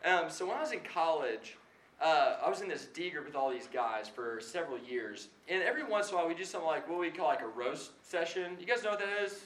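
A man's voice: a little high, animated, fast talker, fairly bright tone. A young man giving a casual sermon-style talk to a live audience, chatty and self-deprecating with lots of "like" fillers. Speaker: speaker at a Christian gathering. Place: hall before a live audience. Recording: echoey room, faint background noise.

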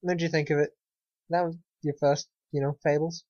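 This co-host's voice sits on the high side with little pitch movement, a slightly fast pace, and a slightly mellow quality. His casual podcast chat is wry and sarcastic, often trailing off and restarting, on dull, dry lo-fi audio.

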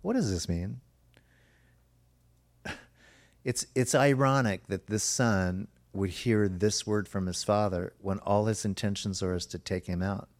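A man preaching a sermon as pastor, earnest and emphatic, now and then slowing to a soft, drawn-out stress. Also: on the low side.

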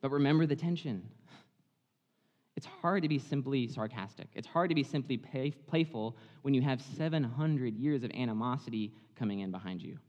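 A man preaching in a chatty, animated way, dramatizing the story as he goes. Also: medium pitch, normal speed, in a large hall, muffled recording. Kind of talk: sermon, conversational Bible storytelling.

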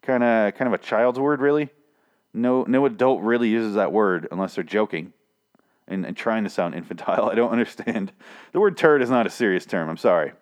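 A man's voice: fairly low pitch, a little fast. A man casually recapping a TV episode, swearing and sarcastic, rambling with lots of restarts. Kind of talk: casual spoken recap and review.

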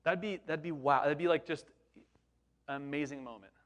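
A young man delivers a sermon in a relaxed, conversational tone, his voice sitting a little higher than most men's. He keeps the room engaged with animated rhetorical questions. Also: moderate pace. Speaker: pastor.

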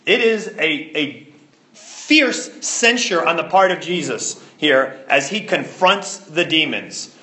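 A man preaching with a high, lively voice that swings up and down in pitch. His tone is bright and ringing, and he stresses points by repeating words. The sound carries a roomy echo. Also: takes it slowly. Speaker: pastor. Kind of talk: sermon.

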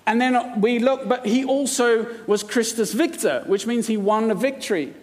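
A man's voice: very high voice, normal speed. A man from India preaching a sermon, mixing scripture readings with playful, jokey asides. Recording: long hall reverb.

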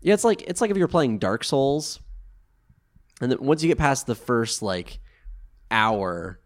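A man's voice: mid-range voice, very animated, a little slow. A young man co-hosting a podcast, rambling through a show recap with many fillers and restarts. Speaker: podcast co-host. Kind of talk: casual chat recapping a show.

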